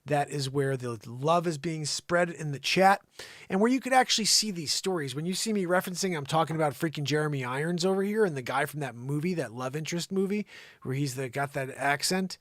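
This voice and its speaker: A man hosting a live talk show, doing improvised comedic commentary in an excitable, riffing way that swings between loud outbursts and muttered asides. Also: fairly high pitch, brisk, dry recording, clean studio sound.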